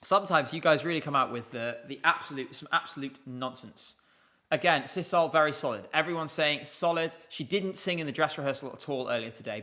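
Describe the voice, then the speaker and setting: A man's voice: fairly high pitch, pushed and bright. A man hosting a casual live stream, chatty and rambling, chatting with viewers from his desk. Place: home room at a desk with laptops.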